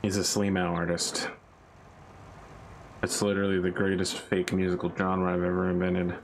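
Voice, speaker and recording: A deep-voiced man hosts a game stream, tossing off jokes and tangents in loose casual chat. His talk wanders and restarts, and a faint hum sits in the background. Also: completely flat delivery, normal speed, low-quality recording. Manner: joking, rambling banter with restarts.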